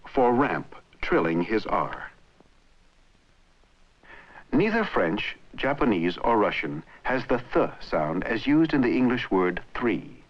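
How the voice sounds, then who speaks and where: A man giving measured, scripted narration for an old educational film on language. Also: mid-range voice, very animated. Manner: measured, explanatory. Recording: dull lo-fi old film soundtrack.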